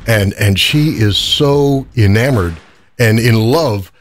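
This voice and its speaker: A man's voice: lowish voice, slow, a little hiss or hum. A man in a radio studio telling a listener's story earnestly, with frequent restarts. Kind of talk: radio fundraiser chat.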